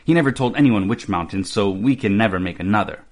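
A man voicing a wise older master painter in a read-aloud storybook, speaking quietly and in a measured way. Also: on the low side, animated.

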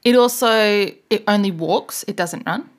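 With a mid-range voice and a slightly slow pace, a woman co-hosting a podcast tells a meandering story in casual conversation, breaking into laughter again and again.

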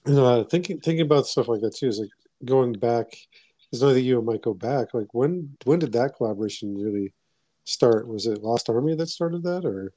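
Male podcast host, mellow tone, eager and halting, dry close recording. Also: mid-range voice, expressive, no echo. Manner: eager, halting, keeps saying awesome. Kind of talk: casual interview chat.

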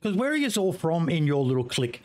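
A man's voice: on the high side, big pitch swings, fast talker. A man hosting a podcast over an online call, asking questions hesitantly with many "um" fillers. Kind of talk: casual podcast chat.

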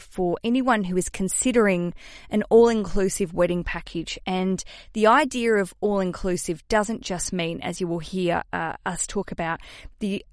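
An Australian woman in her thirties talks straight into the mic as a podcast host, chatty and self-mocking, with the odd casual swear. The sound is close and dry, with no room in it, and her pitch sits in a middle range. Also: dry recording. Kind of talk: casual solo podcast chat.

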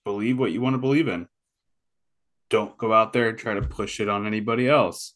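A man's voice: lowish voice, fairly even intonation, brisk, fairly bright tone. Easygoing man speaking in short maxims. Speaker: podcast co-host. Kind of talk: casual chat.

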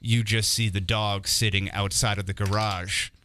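A man co-hosting a podcast, chatting casually and teasing, unhurried with plenty of fillers. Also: on the low side, flat delivery, pushed and bright, a little hiss or hum. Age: older than co-host. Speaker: podcast co-host.

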